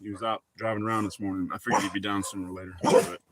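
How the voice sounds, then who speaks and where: A man's voice: fairly low pitch, flat delivery, very fast, noisy background. A middle-aged man hosting a laid-back morning live chat from home, rambling and swearing freely. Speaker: live stream host. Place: at home with his dogs.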